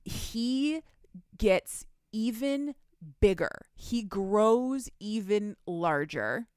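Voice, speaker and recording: A woman's voice: mid-range voice, lively intonation, very slow, a little mellow, clean tone, no room sound, studio quality. A young woman co-hosting a podcast, casually and animatedly retelling a book's plot with laughs and swearing. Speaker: podcast co-host recapping a book. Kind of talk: casual chat.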